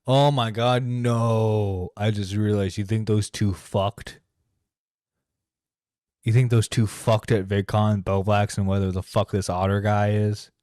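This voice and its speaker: A man's voice: on the low side, flat delivery, unhurried, darkish tone, no echo, studio quality. A man hosting a stream, talking casually while reacting to a clip, rambling, swearing and exasperated. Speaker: streamer host. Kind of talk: profane casual commentary.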